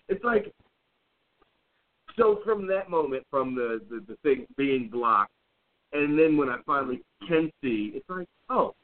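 A man co-hosting a podcast, telling a story in casual chat with blunt, profane, animated delivery. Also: fairly high pitch. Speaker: podcast co-host. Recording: tinny phone-like audio.

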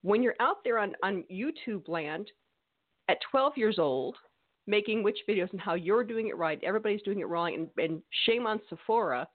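A woman's voice: mid-range voice, lively intonation, normal speed. A woman co-hosting a podcast, talking in an emphatic, scolding, opinionated way in casual chat. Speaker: podcast co-host. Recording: tinny phone-like audio.

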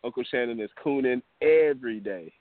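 Gulf Coast man as co-host, blunt and animated, dry phone audio. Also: mid-range voice, brisk, dry recording, narrow, tinny audio. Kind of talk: casual sports talk.

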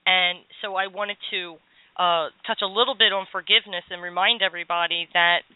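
A woman's voice: on the low side, steady tone, a little fast, clean tone, no echo. A woman hosting a casual spiritual discussion, earnestly explaining ideas and quoting passages from a book. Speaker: host. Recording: tinny phone-like line, dry.

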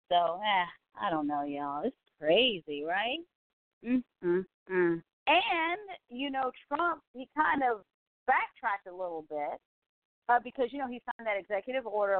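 A woman's voice: mid-range voice, dry recording. A woman from California hosting a live online talk show, rambling in a casual, chatty way, with lots of asides. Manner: chatty, full of "you know" and asides. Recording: dry, tinny phone-like sound.

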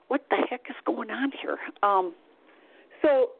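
A woman's voice: fairly high pitch, measured pace, gravelly, husky. Woman telling a story over a tinny phone line. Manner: recounts with quoted dialogue, frequent fillers. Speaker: psychic medium guest. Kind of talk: personal storytelling.

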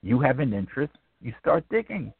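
A man's voice: medium pitch, big pitch swings, fairly quick, vocal fry, breathy edge, no room sound. A man in his eighties from Brooklyn, an author answering interview questions in a rambling, reflective way with many ums and restarts. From Brooklyn, New York. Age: 80s. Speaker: author guest. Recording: tinny dry phone line.

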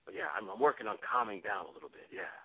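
A man impersonating an excitable aging male movie star, with a husky voice that erupts into shouted exclamations. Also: fairly low pitch, quick pace, exaggerated voice. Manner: bursts into sudden shouted exclamations. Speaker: guest impressionist. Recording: tinny phone line.

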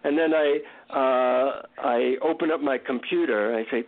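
A man, a guest author, telling an animated, self-mocking story in an interview over a tinny phone line. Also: a little high, moderate pace, gravelly.

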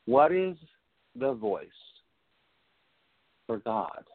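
A man giving a reflective spiritual teaching talk, speaking deliberately and repeating phrases for emphasis. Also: medium pitch, very animated, dry recording. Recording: narrow phone-like sound, dry.

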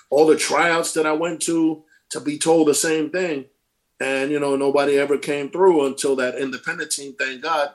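A middle-aged former ballplayer tells his stories in a loose, animated way, acting out the quotes and swearing freely. His voice sits a little high for a man. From Brooklyn, New York. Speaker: former pro baseball player, guest. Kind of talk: casual storytelling interview.

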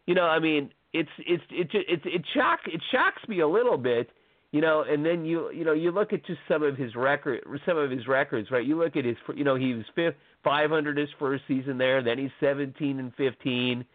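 A man's voice: fairly high pitch, fairly quick, no room sound. Male sports blogger, casual rambling podcast talk, full of "you know", dry, phone-like sound. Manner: rambling, many fillers and restarts. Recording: tinny phone-like audio.

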